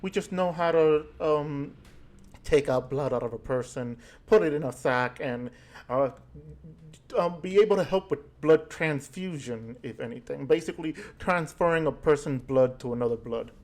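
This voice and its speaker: A man narrating a tabletop game as game master. His voice sits a bit high, and he stops often to hunt for words. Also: a little mellow. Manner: halting, many fillers.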